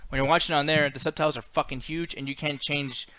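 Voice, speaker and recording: Podcast co-host, male, slightly high voice, exasperated profane movie rant, dry close sound. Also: fairly even intonation, fast, pushed and bright, dry recording. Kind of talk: casual movie review chat.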